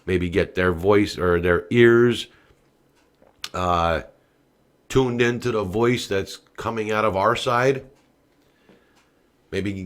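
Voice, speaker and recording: A man with a somewhat low voice hosts a political commentary podcast. He rants and swears freely, dropping to a mutter and then shouting again. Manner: profane, swinging from muttering to shouting. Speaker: podcast host.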